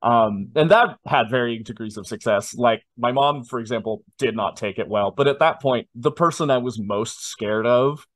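A man in his twenties, telling a personal story in a casual interview with animated, self-deprecating asides. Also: medium pitch, normal speed, few pauses, no echo. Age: 20s. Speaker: guest.

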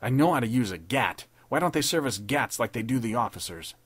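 A man's voice: mid-range voice, animated, brisk, slightly rough, no room sound. A man voicing a jittery young gangster turned soldier, with clipped gangster slang, in a read-aloud pulp story. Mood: tense.

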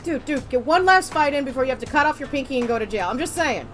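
A woman's voice: high-pitched, animated, fast talker, fairly bright tone, soft background music. A woman giving casual, joking commentary while playing a video game, swearing now and then. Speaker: gameplay streamer. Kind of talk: casual let's-play commentary.

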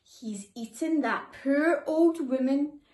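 A woman voicing a friendly male woodcutter in a children's storybook, with a brisk, hearty delivery. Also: sits high, a little mellow. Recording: echoey room.

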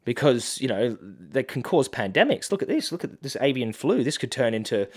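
A man comments on political clips in a sarcastic, mocking way, often indignant. His voice sits at a middling pitch for a man. He reacts casually, as if talking straight to the people in the clips. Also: big pitch swings, normal speed, darkish tone, breathy edge. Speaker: activist commentator.

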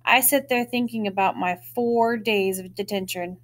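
A woman reads a children's chapter book aloud in the first person. Her storytelling is expressive, with bright lifts on key words. Her voice sits at an ordinary middle pitch for a woman. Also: moderate pace.

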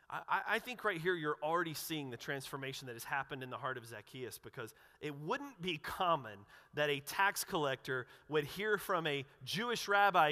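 A male pastor giving a casual, animated sermon. He acts out the quotes and often restarts his sentences. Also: fairly high pitch, normal speed, few pauses, long reverb tail. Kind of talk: conversational sermon. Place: church sanctuary.

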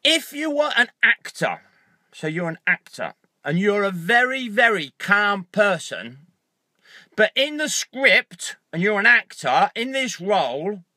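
A man telling a story to a handheld camera from inside his car, acting out his angry thoughts with loud outbursts. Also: high voice, dry recording. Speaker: motivational vlogger. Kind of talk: casual vlog, talking to camera. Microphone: handheld phone camera.

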